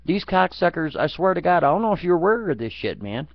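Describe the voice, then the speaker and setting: A man's voice: fairly high pitch, sing-song, quick pace, creaky, no room sound. Crude, angry man ranting, lo-fi. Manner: angry, crude, swearing constantly. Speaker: vlogger. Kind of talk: profane political rant. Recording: dull lo-fi dry recording.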